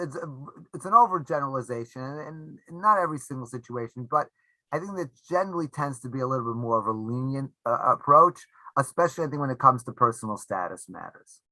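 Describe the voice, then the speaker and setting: Bright, dry-sounding male rabbi. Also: a little high, no echo, rough recording. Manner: halting, many restarts, laughs often. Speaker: rabbi and author being interviewed. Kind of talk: conversational interview answers.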